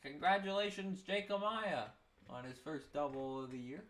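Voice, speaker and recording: A man's voice: on the high side, animated, moderate pace, fairly bright tone. A young man giving casual live baseball play-by-play, tired and yawning, with self-mocking asides between the calls. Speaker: play-by-play streamer.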